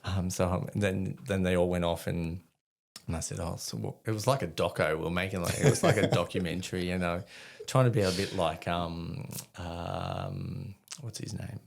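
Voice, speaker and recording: A gravelly, fairly low-voiced Australian man in his forties tells a story from his army days as a podcast guest. He talks casually, laughs often and jumps up high when he acts out other people's voices. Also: animated, moderate pace.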